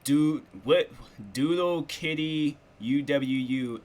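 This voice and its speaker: A young man in his twenties talks casually to his livestream viewers. His voice is bright and forward, and his middling pitch wanders as he rambles loosely, full of filler words. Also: moderate pace. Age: 20s. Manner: rambling and loose, with lots of "like" and "bro". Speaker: streamer.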